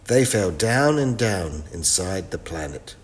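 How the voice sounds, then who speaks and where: A man reading a children's storybook aloud in a clear, expressive way. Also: deep voice, unhurried.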